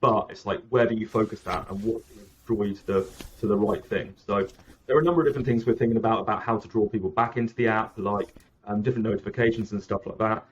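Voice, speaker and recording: A man's voice: fairly low pitch, fairly even intonation, fast talker, dull audio, a little hiss or hum. A man talking casually as a founder in an interview, rambling and correcting himself often. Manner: rambling, self-correcting, frequent "like" and "um". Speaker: app founder, guest.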